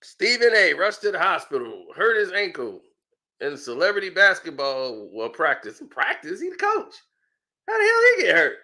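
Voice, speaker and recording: A man giving casual, ranting sports commentary as a vlogger, mocking and animated, laughing often. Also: sits high, normal speed.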